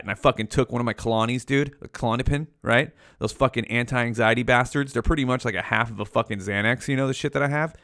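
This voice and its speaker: A man's voice: medium pitch, fairly bright tone, no echo. Young dude on his home podcast, swearing nonstop, dry close mic. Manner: profane, slangy, rambling with many fillers. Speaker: podcast host. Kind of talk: casual solo podcast rambling. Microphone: headphones and podcast mic.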